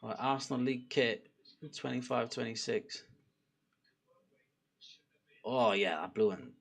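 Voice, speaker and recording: A young man chatting casually during a live football watchalong, laughing and bursting out loudly at chances. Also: medium pitch, measured pace, vocal fry. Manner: excitable, laughing, loud outbursts at chances. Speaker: football fan streamer.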